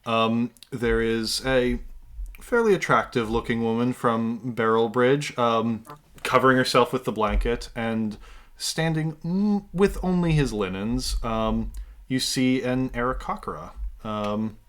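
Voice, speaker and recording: A man's voice: mid-range voice, slow, a bit bright. A man running a tabletop game as game master, narrating loosely with many fillers.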